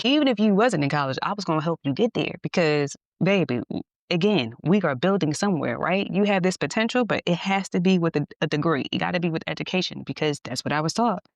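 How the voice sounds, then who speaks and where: A woman podcast host telling a personal story in a candid, animated way, laughing at times. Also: fairly low pitch, a little fast, no room sound, highs cut off. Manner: animated, candid, acts out dialogue, laughs often.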